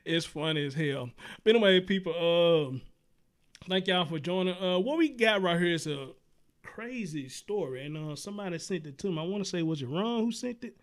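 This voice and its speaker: High-voiced man hosting a casual show. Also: animated, a little fast. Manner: loose and profane, addresses listeners as dude and brother. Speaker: show host. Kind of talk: casual talk-show storytelling.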